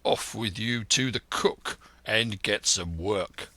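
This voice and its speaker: A man's voice: on the low side, slow pace, bright, forceful tone, dry recording, heavily acted. A man voicing a stern, curt sea captain who gives clipped, commanding orders in an audiobook.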